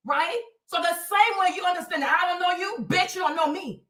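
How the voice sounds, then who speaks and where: A woman's voice: very high voice, fairly quick, few pauses, sharp tone. A woman streaming live, talking bluntly and profanely straight at her commenters. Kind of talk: ranting to chat. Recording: roomy, from a distance.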